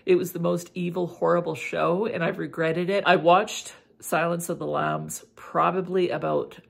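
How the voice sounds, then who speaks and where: A woman's voice: fairly low pitch, level tone, moderate pace, creaky. A middle-aged woman vlogger chatting casually and animatedly about fragrances, full of "like" fillers. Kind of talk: casual chat.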